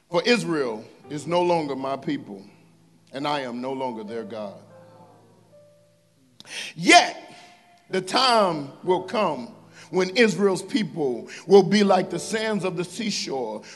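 A male pastor, preaching in church. He reads scripture slowly and with emphasis, and breaks off into joking asides to the congregation. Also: fairly high pitch, sing-song, faint music behind. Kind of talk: sermon. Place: church sanctuary.

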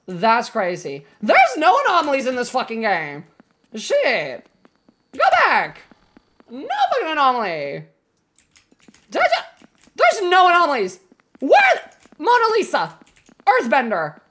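A woman game streamer chatting casually while she plays, expressive, swearing freely and cooing affectionately to her viewers. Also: fairly high pitch. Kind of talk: casual live-stream chat while gaming.

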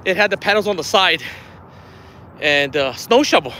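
A man streaming a live fishing vlog outdoors on a riverbank, out of breath, excited and laughing often. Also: high voice, normal speed, slight background noise. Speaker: fishing vlogger.

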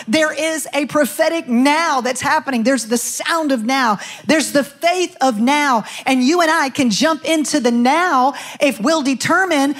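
A woman's voice: high-pitched, unhurried, few pauses. A middle-aged woman pastor preaching a sermon, asking the congregation question after question and quoting scripture.

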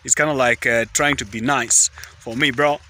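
Bright-voiced East African man vlogging. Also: mid-range voice, steady tone, moderate pace, a little hiss or hum. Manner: chatty, repetitive, often says "guys" and "just". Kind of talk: casual rambling vlog talk. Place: outdoors beside a highway at sunset.

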